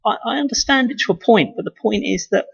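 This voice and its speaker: With a high, fairly bright yet creaky and husky voice, a UK man vlogs at a quick pace, rambling casually, cursing and starting his sentences over. It's recorded with dull, lo-fi sound.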